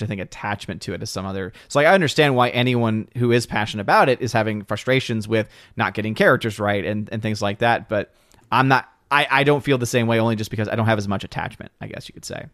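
A man's voice: lowish voice, fast talker, fairly bright tone, no echo, studio quality. A man co-hosting a casual chat, reading comments and talking with frequent restarts and fillers. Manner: hesitant, many restarts and fillers. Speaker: podcast co-host reading chat.

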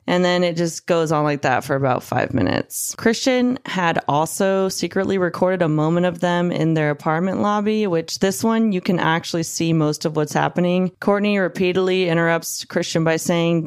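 A woman's voice: lowish voice, normal speed, darkish tone, clean tone, no echo, clean studio sound. A young woman hosting a podcast, recounting a true-crime case in a blunt, indignant way with casual fillers. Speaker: podcast host.

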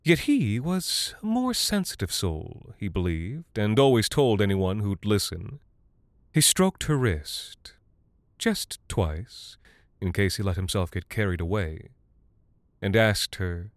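Low-voiced man narrating a dark tale. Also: big pitch swings, slow, no echo. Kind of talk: scripted literary narration.

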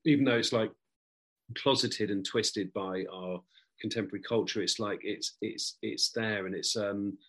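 Male guest, lowish voice, thoughtful and halting, casual chat. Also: fairly even intonation, a bit bright, slightly rough. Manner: reflective, hesitant, many restarts. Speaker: podcast guest. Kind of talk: casual conversation.

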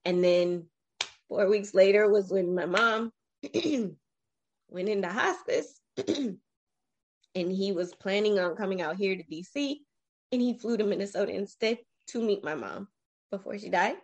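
A woman's voice: medium pitch, measured pace, long pauses. Woman telling a heartfelt personal story. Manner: animated, emotional retelling with many restarts. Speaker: interview guest. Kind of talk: personal storytelling in a podcast interview.

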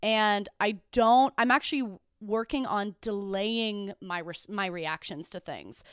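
Woman podcast co-host, mid pitch, clean smooth tone, dry close sound, reflective. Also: measured pace, dry recording. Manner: reflective, thinks aloud with many fillers. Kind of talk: casual chat.

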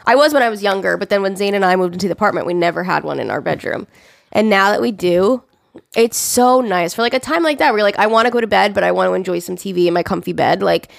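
A young woman trading casual talk as a podcast co-host, giggly and playful. Her pitch swings widely as she talks, and her voice sounds dry with no room echo. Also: creaky. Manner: giggly, playful, repeats phrases for laughs. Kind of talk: casual chat.

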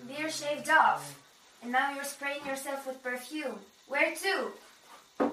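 A woman's voice: high voice, expressive, slow pace. A woman playing a fed-up wife who scolds her husband about his betrayal. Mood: suspicious. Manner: scolding, sharp complaints. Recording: echoey room heard from far off with faint noise.

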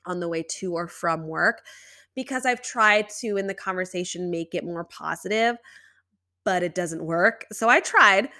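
A woman's voice: lowish voice, sharp tone. A young woman hosting a solo podcast, talking casually and chattily with lots of "you know" fillers. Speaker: podcast host.

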